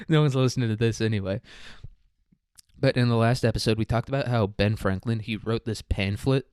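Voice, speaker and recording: A man's voice: medium pitch, normal speed, long pauses, a little mellow, clear, resonant tone, no room sound, studio quality. A man hosting a casual history podcast alone, rambling with crude, self-mocking jokes. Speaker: podcast host.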